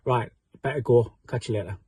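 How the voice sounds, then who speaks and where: A man's voice: medium pitch, fairly quick. Chatty man vlogging from his car. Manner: chatty, upbeat, loose with fillers. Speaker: entrepreneur vlogging his business trip. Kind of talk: casual vlog talk to camera. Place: in his car and outdoors on a windy coast. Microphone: camera mic without his clip-on microphone.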